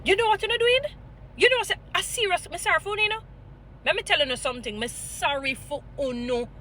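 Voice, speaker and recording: Fiery, bright-voiced Jamaican woman preaching. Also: very high-pitched, a little fast, a little hiss or hum. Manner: animated, preachy, mixes patois and English, scolding. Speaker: vlogger. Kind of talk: impassioned commentary with Bible stories.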